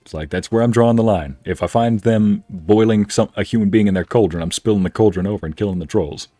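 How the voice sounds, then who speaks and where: Male streamer, low voice, laid-back and chatty gameplay commentary. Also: fast talker, dark tone, dry recording, soft background music. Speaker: streamer and narrator.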